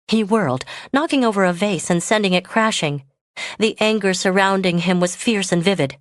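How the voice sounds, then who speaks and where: A woman narrating a romance novel audiobook in a steady, measured reading. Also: fairly low pitch, no echo, clean studio sound. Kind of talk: scripted narration.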